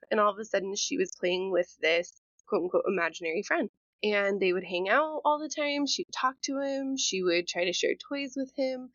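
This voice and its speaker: A woman's voice: mid-range voice, a bit bright, no room sound. A woman co-hosting a podcast, speaking sincerely and setting up a story with some background first. Her voice is recorded dry, close and a little muffled. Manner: earnest, explains ideas before telling her story. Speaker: podcast co-host. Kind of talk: casual storytelling chat.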